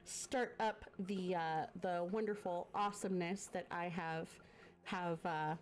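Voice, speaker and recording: This woman's voice is fairly low and fairly even in intonation, at a measured pace. A variety streamer hosting a guest, she chats into a desk mic, congested from a cough, gushing thanks to viewers with many fillers.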